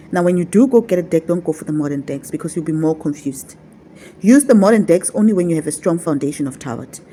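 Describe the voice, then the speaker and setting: A woman's voice: on the low side, dark tone, slight background noise. A woman talking to her viewers as a spiritual teacher, repeating her points in a coaxing, affectionate way. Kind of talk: casual vlog teaching.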